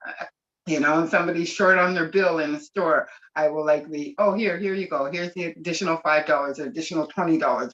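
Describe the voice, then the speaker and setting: A person from Canada speaking on a webinar, gushing and excited, close to tears. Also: medium pitch. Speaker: webinar participant. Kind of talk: emotional casual speech. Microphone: video call. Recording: muffled video call audio.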